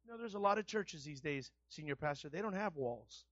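A man pastor preaching a sermon in a colloquial style, rising to loud shouted refrains. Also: fairly high pitch, expressive, brisk, few pauses, no echo, highs cut off.

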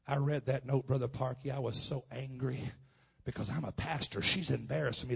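A man preaching a personal testimony at a conference. He is impassioned and swings from hushed telling to loud outbursts. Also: mid-range voice, steady tone, brisk, vocal fry, husky. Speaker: pastor. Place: conference hall.

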